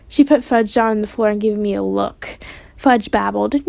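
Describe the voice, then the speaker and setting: A woman's voice: a little high, a little fast, vocal fry, no room sound. Woman reading a children's book aloud. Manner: steady storytelling narration. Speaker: reader.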